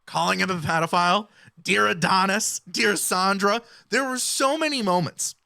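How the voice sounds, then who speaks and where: Woman, video commentator, bright forceful tone, measured, analytical. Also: medium pitch, creaky, no room sound, studio quality. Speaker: music commentator.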